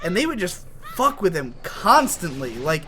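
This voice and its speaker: A man's voice: high voice, very animated, moderate pace, bright, forceful tone, slight background noise. A tipsy young man co-hosting a casual gaming chat, telling rambling, profane stories and defending himself. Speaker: co-host. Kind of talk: casual banter while playing a game.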